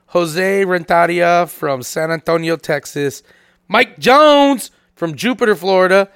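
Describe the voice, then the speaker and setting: A man co-hosting a casual podcast chat, animated and profane, acting out the people he quotes. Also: high-pitched, dry recording, clean studio sound. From Puerto Rico. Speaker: podcast co-host.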